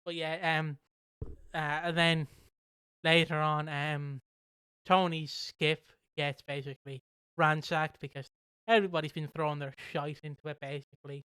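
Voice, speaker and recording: A co-host with a bright, sharp-edged voice and a smooth, crisp tone, recorded dry and close. The talk is loose and giggly, full of mocking asides and put-on quoted voices. The pitch sits in the middle of the range. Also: flat delivery, moderate pace, no room sound. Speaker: podcast co-host. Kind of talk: casual chat reviewing a soap opera.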